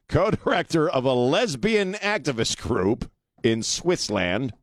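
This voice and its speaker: A man's voice: mid-range voice, sing-song, unhurried, no echo, clean studio sound. A man hosting a talk radio show, delivering a blunt, sarcastic monologue and laughing often. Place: radio studio. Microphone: studio microphone.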